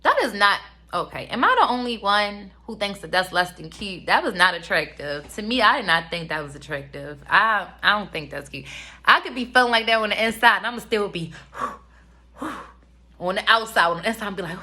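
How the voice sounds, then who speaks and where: A woman's voice: mid-range voice, big pitch swings, normal speed, bright, forceful tone. A woman in her thirties giving a rambling, casual review of a reality show, with lots of fillers. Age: 30s. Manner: chatty, rambling with many fillers. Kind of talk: casual commentary.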